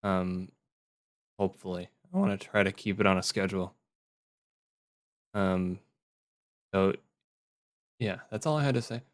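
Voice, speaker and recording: A man's voice: deep voice, measured pace, pauses often, no echo, studio quality. A man hosting a casual podcast, talking with frequent ums and hesitations. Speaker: podcast host. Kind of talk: casual chat.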